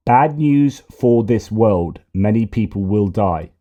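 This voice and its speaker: A man's voice: medium pitch, steady tone, slow pace, mellow, highs cut off. A man giving sarcastic, exasperated political commentary, often repeating himself. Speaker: news commentator.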